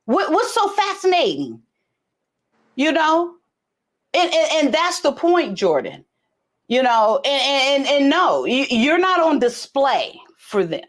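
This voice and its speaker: Middle-aged woman host, high and very expressive voice, casual storyteller with colorful language. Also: takes it slowly. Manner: animated, profane, acts out dialogue in high voices. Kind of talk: casual live chat storytelling.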